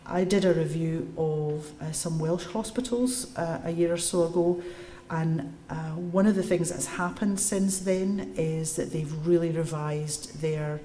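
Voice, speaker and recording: With a deep voice, a slightly slow pace and hardly any pauses, a woman gives a public lecture to a live audience and answers questions. She tells lively stories and explains step by step; the echoey recording has slight background noise.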